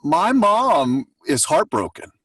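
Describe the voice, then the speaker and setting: Man from texas, podcast co-host, animated pitch, teasing and rambling, a bit far from the mic, dry sound. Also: slow pace, husky, no room sound. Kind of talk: casual chat.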